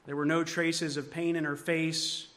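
A man preaching a sermon as pastor, moving from hushed, tender passages to loud, emphatic ones. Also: fairly high pitch, little pitch movement, unhurried. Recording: long hall reverb.

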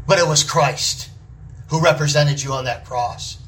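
A man's voice: a little high, measured pace, fairly bright tone, recorded from a distance, a little hiss or hum. A man preaching a sermon with an emphatic, repetitive cadence.

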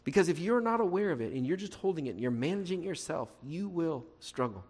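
A man's voice: fairly high pitch, big pitch swings, fast talker, a little mellow, breathy edge. A man preaching a sermon in an earnest, conversational way, asking his listeners rhetorical questions and adding playful asides. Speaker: pastor. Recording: reverberant hall.

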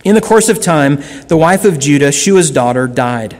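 A man preaching a sermon as pastor, earnest, shifting between loud emphasis and hushed lines. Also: on the high side, lively intonation, normal speed, big-room sound.

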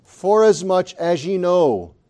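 Guy preaching a sermon, kinda high voice, gets really fired up and pleading. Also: expressive, slow, warm tone. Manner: earnest, rising to impassioned emphasis; addresses congregation as brethren.

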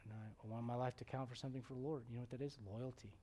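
A man preaching a sermon, telling stories and acting out the quotes, sometimes dropping to a hushed tone. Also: mid-range voice, racing, slight background noise. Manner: animated storytelling, acts out quotes, drops to hushed tones.

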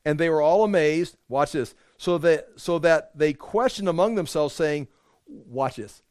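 Conversational pastor teaching a Bible passage. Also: male voice, fairly high pitch, measured pace, no echo, clean studio sound. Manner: conversational, animated with restarts. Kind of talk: Bible study sermon.

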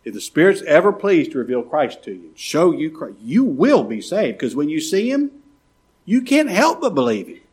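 Impassioned husky male preacher. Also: fairly high pitch, big pitch swings, normal speed, a little mellow. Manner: impassioned, rising to pleading cries. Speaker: pastor. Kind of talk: sermon. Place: church.

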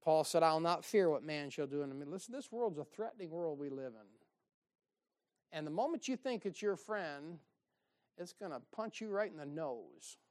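A man's voice: on the high side, animated, normal speed, darkish tone. A man preaching a sermon in a folksy, exhorting way, with asides and short laughs.

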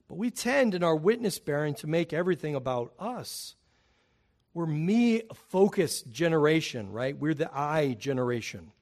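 A man preaching a sermon to his congregation, building emphasis as he drives key points home. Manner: emphatic, rising in pitch and volume on key points. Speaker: pastor.

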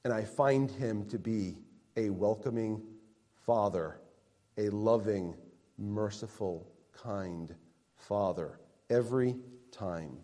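Slow, emphatic preaching man. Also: on the low side, warm tone, big-room sound. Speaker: pastor. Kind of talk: sermon.

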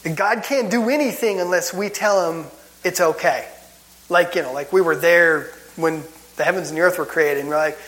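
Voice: medium pitch, lively intonation, moderate pace, a bit bright. Wry chuckling Bible teacher. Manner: gets worked up. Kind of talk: casual teaching talk.

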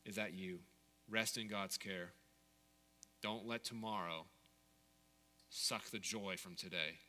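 Man, pastor, sharp bright tone, conversational sermon, echoing sanctuary. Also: deep voice, steady tone, takes it slowly. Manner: candid, conversational preaching with personal stories.

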